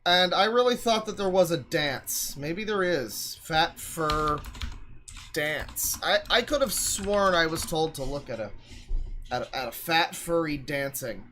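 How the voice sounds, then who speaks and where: A man's voice: fairly high pitch, expressive, unhurried, bright, forceful tone, a little hiss or hum. A man streaming live, reacting to videos with wry, crude, rambling asides.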